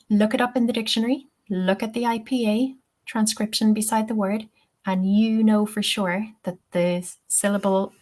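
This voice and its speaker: Woman, teacher trainer, webinar lesson, patient step-by-step explaining, medium pitch. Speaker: TEFL trainer.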